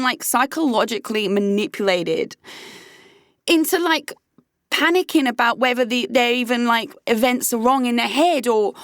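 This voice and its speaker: A woman's voice: on the high side, no echo, clean studio sound. A young British woman giving candid, sweary personal advice in a conversational vlog. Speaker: vlogger.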